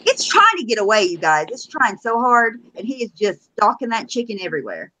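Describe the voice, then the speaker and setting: A woman's voice: on the high side, huge pitch swings, fairly quick, bright, forceful tone, a little hiss or hum, low-quality recording. A woman co-hosting a casual live-stream chat, blunt and profane, teasing with laughter.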